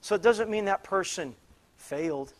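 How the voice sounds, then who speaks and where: A man preaching in church, telling a story with many restarts and bursts of loud exclamation. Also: sits high, lively intonation, moderate pace. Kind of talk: sermon storytelling. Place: church sanctuary.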